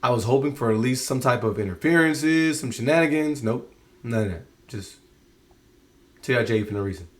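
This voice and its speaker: A man's voice: mid-range voice, animated, normal speed. A man giving a casual spoken review of a show, exasperated and rambling, often restarting his sentences.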